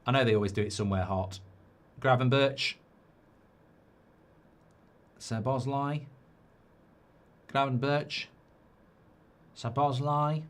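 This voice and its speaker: Excitable sweary man hosting a football watchalong. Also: medium pitch, takes it slowly, pauses often. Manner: excitable, sweary, reads viewer questions aloud. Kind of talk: live match watchalong chat.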